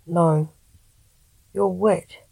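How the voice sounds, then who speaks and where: A woman's voice: on the low side, very slow, vocal fry, husky, exaggerated voice, poor audio. Woman reading as a stubborn, stern witch finder. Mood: commanding. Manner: flat, insistent pronouncements.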